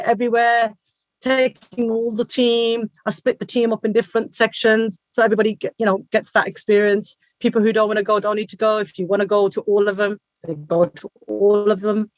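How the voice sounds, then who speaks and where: A British woman in her forties chatting as an interview guest, energetic and animated, acting out quoted voices. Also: fairly high pitch, no echo. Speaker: guest, dhol player and group founder. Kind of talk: casual interview chat.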